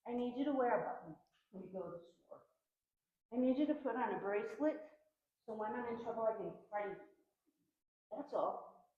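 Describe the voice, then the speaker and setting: A woman's voice: a little high, expressive, normal speed, pauses often. A woman precinct organizer giving an earnest, heated speech at a town hall, her voice shaky with nerves. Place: community center hall. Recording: very echoey, dull hall sound.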